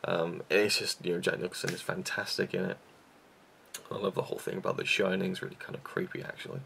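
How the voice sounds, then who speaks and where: Low and creaky yet slightly bright, this young man's voice barely shifts in pitch as he talks fast, with a faint hiss or hum in the audio. As a YouTube reviewer in a casual vlog, he rambles about favorite movies, self-deprecating and full of fillers and false starts.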